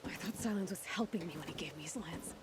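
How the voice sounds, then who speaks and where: A woman's voice: animated, fast, very noisy, close to an everyday voice. Aloy, a woman voicing a determined young hunter. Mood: resolute. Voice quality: deep for a young woman, slightly hoarse. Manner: muttering to herself as she explores. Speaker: game protagonist. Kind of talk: video game dialogue. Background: game music.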